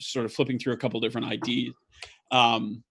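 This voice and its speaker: A man's voice: mid-range voice, level tone, gravelly, a bit bright, husky. A man running a tabletop role-playing game, narrating at an easy pace, often stopping on ums and uhs. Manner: halting, many ums and uhs. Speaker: game master. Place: home setup on a live stream.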